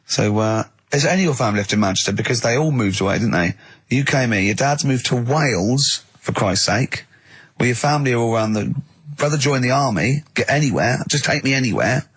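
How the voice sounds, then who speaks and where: A man's voice: mid-range voice, brisk, slightly rough. A man hosting a radio show, teasing his co-hosts with mocking interruptions. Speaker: radio host. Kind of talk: casual radio chat.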